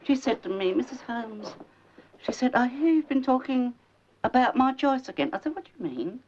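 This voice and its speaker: A high-pitched, expressive voice at normal speed belongs to a performer playing a fussy elderly mother in a 1970s film comedy. The gossipy, nagging, overbearing character poses as a psychic and rambles theatrically. The recording is a dull old film soundtrack with faint hiss.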